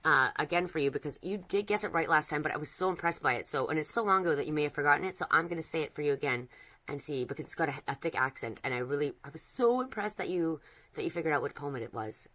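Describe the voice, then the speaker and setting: A woman's voice: sits low, lively intonation, fast talker, a bit bright. A woman livestreaming, chatting flirtily with a chatbot, rambling and restarting her sentences. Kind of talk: casual chat with a chatbot while drawing.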